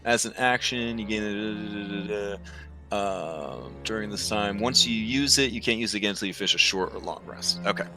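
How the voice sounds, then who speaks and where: A man's voice: lowish voice, normal speed, bright, forceful tone, soft background music. A man narrating as game master for a tabletop game, rambling with many fillers.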